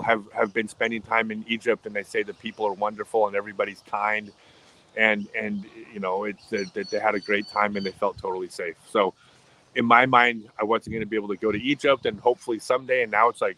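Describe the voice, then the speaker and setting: A man's voice: on the low side, a bit bright, rough recording. A middle-aged man chatting casually on a livestream, rambling and often restarting his sentences. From United States. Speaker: livestream host.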